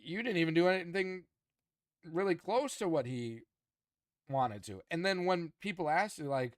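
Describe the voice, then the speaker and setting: A man's voice: a little high, normal speed, no room sound. Male podcast co-host, casual, heated, dry close mic. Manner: animated, frustrated, many restarts. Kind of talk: casual chat.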